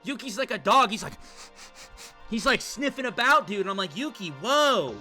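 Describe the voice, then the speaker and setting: A young man streaming a game, riffing excitedly to his chat and swearing freely at a desk mic. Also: high voice, fairly quick, faint music behind. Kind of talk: gaming livestream commentary.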